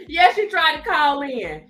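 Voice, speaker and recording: A high-pitched woman hosts a casual live stream, laughing a lot as she talks to her viewers and reads their comments. Her voice is bright and sharp, and faint music sits behind her. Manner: laughing often, chatty and animated, reading viewer comments aloud.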